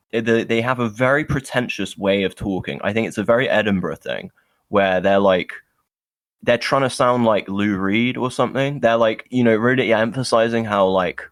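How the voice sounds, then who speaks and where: A young British man with a lowish voice co-hosts a podcast, recorded with no room sound. He chats casually and rants in a sardonic, opinionated, rambling way.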